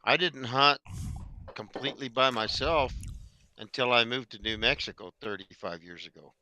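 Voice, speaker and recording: A veteran hound hunter reminiscing in a rambling, hesitant way. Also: male voice, medium pitch, normal speed, pushed and bright, a little hiss or hum. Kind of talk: casual reminiscing.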